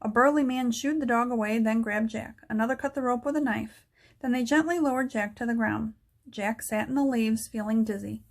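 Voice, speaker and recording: A woman narrating a children's book aloud in a steady storytelling manner. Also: fairly high pitch, a little fast.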